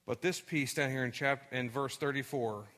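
A man preaching a sermon and telling a personal story in an animated way, dropping quiet for the sad parts. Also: medium pitch, normal speed. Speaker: pastor.

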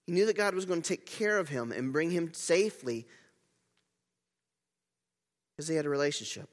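A man's voice: fairly high pitch, lively intonation, normal speed, long pauses, in a large hall. A man preaching a sermon in a church, talking in a conversational, emphatic way with frequent restarts and self-corrections. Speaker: pastor.

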